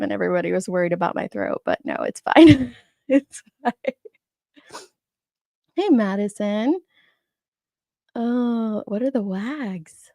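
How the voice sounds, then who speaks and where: Gravelly-voiced woman chatting on a live stream. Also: medium pitch, normal speed, a little mellow, no room sound, clean studio sound. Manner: chatty, laughs often, greets viewers by name. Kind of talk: casual live-stream chat greeting viewers. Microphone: streaming setup microphone.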